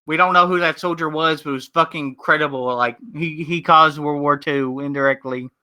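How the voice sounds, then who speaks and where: Bright, clear-voiced guy chatting. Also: a little high, fairly even intonation, a little fast. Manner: rambling, swears freely. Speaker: podcast co-host. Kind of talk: casual podcast chat.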